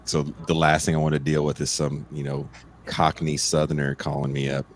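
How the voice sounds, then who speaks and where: A man hosting a podcast, loud and joking, chatting casually and slipping into silly voices. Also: very deep voice, completely flat delivery, moderate pace. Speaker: podcast host.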